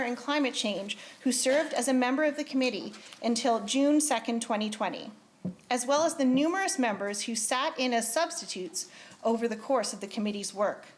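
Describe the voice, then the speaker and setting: Earnest woman chairing a committee. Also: sits high. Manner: earnest, grows emotional. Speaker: committee chair presenting a report. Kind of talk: formal legislative speech, read aloud. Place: legislative chamber.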